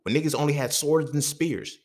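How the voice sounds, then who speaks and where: A man's voice: fairly high pitch, fairly even intonation, fairly quick, a little mellow. A man hosting a podcast, talking in a casual, profane monologue full of rhetorical questions. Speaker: podcast host.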